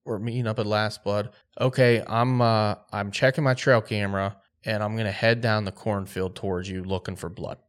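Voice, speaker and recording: A man's voice: fairly low pitch, moderate pace, hardly any pauses. A man co-hosting a podcast, telling a story in a casual, laid-back way full of "like" and quoted dialogue. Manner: excited, lively retelling with quoted dialogue; laid-back, filler-heavy speech with frequent "like". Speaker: podcast co-host.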